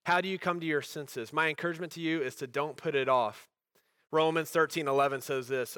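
A man's voice: on the high side, fairly quick, pushed and bright, smooth, no room sound. A young man preaching a sermon as a pastor, conversational and candid, poking fun at himself. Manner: conversational, candid, self-deprecating.

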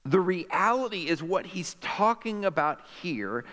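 A man preaching a sermon in a fairly high voice, animated and quick to joke with the congregation. His voice rings with the long reverb of a church hall. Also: slight background noise. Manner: animated, jokey preaching with quick asides to the crowd. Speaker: pastor.

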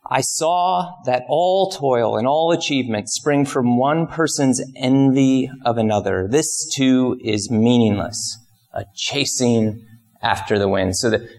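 A man delivering a relaxed, conversational sermon to a small congregation. His mid-pitched voice carries a gravelly edge, and he tells stories, leaping up in pitch when he acts out the people in them. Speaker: pastor.

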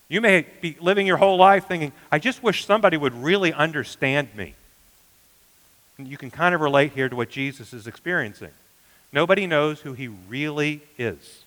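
A man preaching a sermon as pastor, earnest, often dropping to a hushed emphasis. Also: medium pitch, long reverb tail, rough recording.

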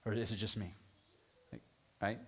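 A pastor preaching a sermon, talking conversationally and putting direct questions to the congregation, his voice climbing higher and louder at emphatic moments. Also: level tone, measured pace, breathy edge. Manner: rises in pitch and volume at emphatic points.

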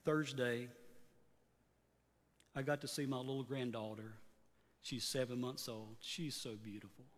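A man's voice: fairly even intonation, measured pace, long pauses. Preaching man in his fifties, echoing church. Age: 50s. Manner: earnest preaching, voice rising on exhortations and dropping low at phrase ends. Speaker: pastor. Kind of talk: sermon.

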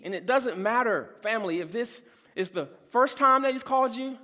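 A man preaching a sermon as pastor, emphatic, calling out some lines loudly. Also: sits high, unhurried, big-room sound.

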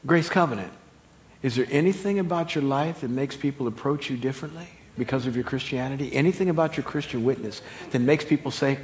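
A middle-aged man preaching a sermon, animated and humorous, swinging from loud high exclamations to quiet, low emphasis. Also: fast. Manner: humorous, laughing at own stories. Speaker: pastor.

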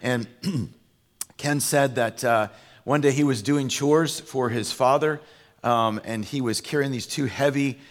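A man's voice: medium pitch, unhurried. Man preaching in a reverberant hall. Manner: conversational storytelling with fillers and restarts. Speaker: pastor. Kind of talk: sermon.

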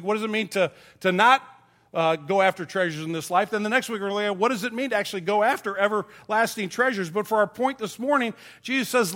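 A man's voice: high voice, fairly bright tone. A middle-aged man preaching a sermon, folksy and self-deprecating, telling stories from his childhood to make his point. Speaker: pastor.

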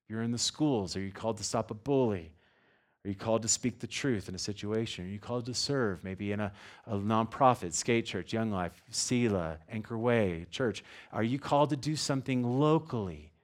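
A man's voice: mid-range voice, normal speed, a little mellow. A man preaching a sermon in a conversational way, with strings of rhetorical questions and frequent "right?" check-ins. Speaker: pastor.

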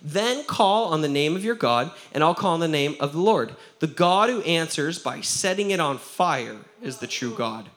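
A man preaching with plenty of energy, his pitch leaping high when he acts out a scene. He tells stories, laughs along with them, then drops low and quiet for the serious parts. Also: normal speed, hardly any pauses. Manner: animated, laughs often, acts out quotes. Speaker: pastor. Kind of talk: lively sermon with storytelling.

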